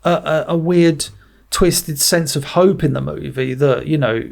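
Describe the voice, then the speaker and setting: A man co-hosting a podcast, chatting casually about a film and retelling its scenes in an animated, rambling way full of restarts and fillers. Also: on the high side, a little slow, creaky. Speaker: podcast co-host. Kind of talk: casual film review chat.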